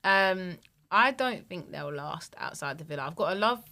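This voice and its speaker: Young woman, lowish and bright, frank and opinionated chatter. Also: lively intonation, normal speed. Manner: frank, opinionated, many "like" fillers. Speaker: guest. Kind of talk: casual chat.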